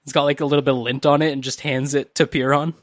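Halting man playing a tabletop game. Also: medium pitch, level tone, dry recording, clean studio sound. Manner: halting, many restarts, incredulous questions. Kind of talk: casual role-play chat.

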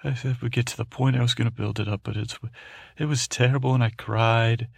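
A timid young boy prince rambles through a bedtime story, stammering and halting, as a man puts him on. His voice is gravelly and a little husky, close and dry, with no room around it. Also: mid-range voice, steady tone, no echo. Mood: timid, fretful. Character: timid young boy king's brother, fearful, meek. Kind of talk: bedtime story to help sleep.

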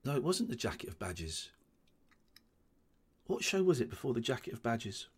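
A man with a mid-pitched voice rambles through a casual commentary on an old comedy show. He restarts his sentences often and pokes fun at himself. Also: very animated, moderate pace, breathy edge. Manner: rambling, many restarts, self-deprecating.

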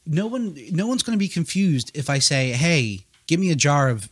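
A young man in casual chat as a podcast co-host, easygoing and quick to laugh. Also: fairly high pitch, sing-song. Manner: easygoing, laughs often, lots of fillers.

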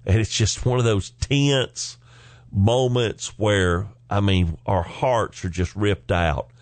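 A man in his forties with a fairly low voice tells family stories in a folksy, lively manner, chuckling now and then. He is recorded on a close microphone in a dry, dead space. The delivery feels like an easygoing podcast host talking straight to the listener. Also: slow, dry recording. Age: 40s. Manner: folksy, animated storyteller who chuckles between lines. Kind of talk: personal storytelling.

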